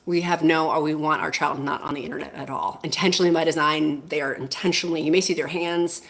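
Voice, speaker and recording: Woman host, lower voice, effusive livestream chat, squeals hellos to viewers. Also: fairly even intonation, quick pace, vocal fry, fairly bright tone. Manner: gushing, effusive, jumps to squeals greeting viewers. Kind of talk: casual livestream chat, reading comments.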